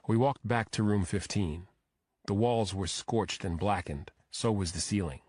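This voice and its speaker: A man narrating a first-person crime thriller audiobook in a steady, measured way. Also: on the low side, husky, no echo, studio quality.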